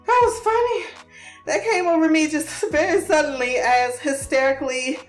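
A woman's voice: high voice, normal speed, faint music behind. A woman giving a casual TV episode recap, profane, laughing and exasperated.

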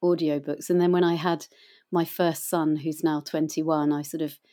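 A woman's voice: low voice, little pitch movement, normal speed, mellow. A middle-aged woman who voices audiobooks, telling stories in a chatty, rambling interview style with many fillers. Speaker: guest, voice actor and audiobook reader. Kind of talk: casual interview chat.

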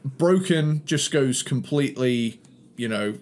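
A man's voice: medium pitch, expressive, takes it slowly, darkish tone. A man from England with a light Cornish accent, co-hosting a podcast in casual chat, laughing and swearing as he tells stories. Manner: laughing, swearing, tangent storytelling. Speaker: podcast co-host.

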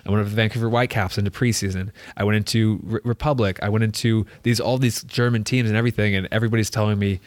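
A man's voice: on the low side, steady tone, rapid-fire, hardly any pauses, dry recording, studio quality. Young man rambling through a story. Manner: rambling, heavy use of "like", acts out quoted dialogue. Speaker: professional soccer player. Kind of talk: casual storytelling.

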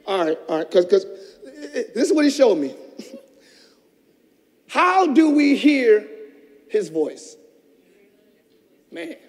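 Very high-voiced man preaching in a hall. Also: very animated, takes it slowly, pauses often. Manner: passionate preaching, swinging between shouted peaks and hushed asides. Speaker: pastor. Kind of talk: sermon. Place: church. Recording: long church reverb.

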